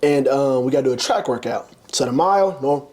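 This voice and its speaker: Speaking briskly in an expressive, slightly mellow mid-range voice, a young American interview guest who once played college basketball spins a long, casual story. He voices the quoted lines with dramatic leaps in his voice.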